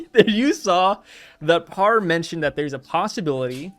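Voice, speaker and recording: A man hosting a casual chat, talking in an animated way with laughs and quick restarts. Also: sits high, no echo, faint music behind. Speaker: show host.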